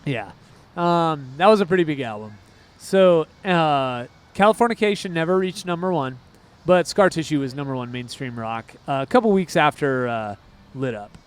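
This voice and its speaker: A man co-hosting a casual music podcast, talking in an excitable, rambling way with quick asides. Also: on the high side. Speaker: podcast co-host. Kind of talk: casual chat.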